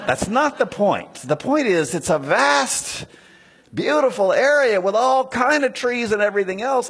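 A man preaching a sermon, teaching slowly through a text and acting out quoted lines. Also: high-pitched, husky. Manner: animated, acts out the serpent's lines in a raised voice.

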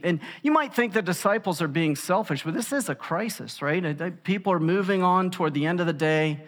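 A man delivering a sermon in a large room, talking to the crowd in a loose, conversational way. His voice sits a little higher than most men's and climbs when he stresses a point. A long hall reverb trails after his words. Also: brisk, few pauses. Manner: conversational, animated, with emphatic rises. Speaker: pastor.

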